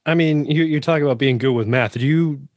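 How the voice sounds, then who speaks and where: A man's voice: a little high, quick pace, dry recording, studio quality. A man with a Boston accent hosting a podcast, asking easygoing questions and laughing often. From New England. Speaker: podcast host. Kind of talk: casual interview chat.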